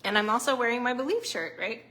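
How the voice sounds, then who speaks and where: A woman's voice: fairly high pitch, lively intonation, quick pace, pushed and bright, a little hiss or hum. A woman hosting a casual live stream as a psychic medium at home, close to the camera, rambling and chatty and laughing often.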